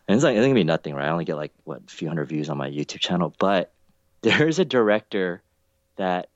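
A man chatting casually, telling animated stories and acting out other people's lines. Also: fairly quick, dry recording, highs cut off. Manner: animated storyteller, acts out quotes with big pitch jumps. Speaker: event organizer. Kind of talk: casual chat, storytelling.

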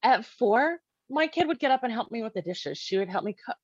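A woman's voice: a little high, animated, fairly quick, slightly rough, no room sound. Woman, casual storytelling, filler-heavy, acted-out quotes, dry, slightly dull recording. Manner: conversational, many "like" fillers, acts out quoted dialogue. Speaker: parent telling her story.

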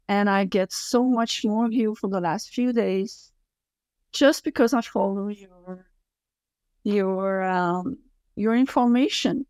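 A French Canadian woman in her fifties speaks English at an unhurried, deliberate pace, her first language being French. She is blunt and emphatic as an interview guest. Her voice sits at a middle pitch and sounds dry and close. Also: darkish tone, no echo. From Quebec City, Canada. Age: 50s. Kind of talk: casual interview chat.

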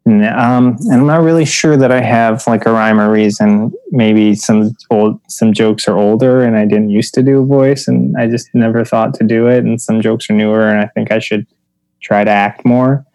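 Low-voiced self-deprecating comedian. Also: male voice, normal speed, dry recording. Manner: relaxed, hesitant, self-deprecating. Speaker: stand-up comedian. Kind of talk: casual chat about comedy craft.

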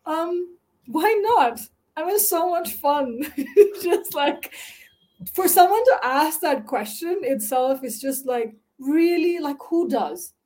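A woman from Nepal, chatting as a podcast guest, animated and laughing often between filler-laden sentences. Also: high voice, slow pace. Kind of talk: casual interview chat.

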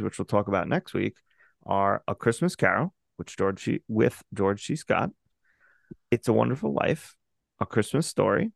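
A man's voice: lowish voice, vocal fry, dry recording, clean studio sound. A young man co-hosting a podcast, chatting casually and joking while reading out listener emails. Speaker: podcast co-host.

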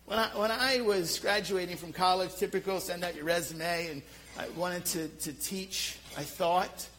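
A middle-aged man with a Philadelphia accent preaching a sermon, telling self-deprecating stories in an animated way. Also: high voice, moderate pace, a little hiss or hum, low-quality recording. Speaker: pastor.

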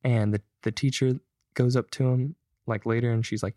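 A man's voice: mid-range voice, steady tone, normal speed, mellow, no room sound, clean studio sound. A young man co-hosting a podcast, telling stories loosely and swearing freely in casual chat. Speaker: podcast co-host.

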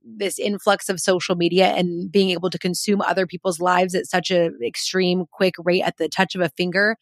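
A woman's voice: lowish voice, no echo, studio quality. A woman hosting a podcast interview, prompting her guest and reflecting on his answers. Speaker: podcast host.

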